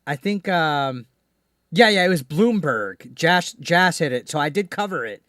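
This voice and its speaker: Hosting a live call-in stream, this man speaks at a fairly high pitch in an expressive, unhurried manner with a fairly bright tone. His talk is casual and rambling, laced with swearing and constant restarts, captured in clean studio sound without echo.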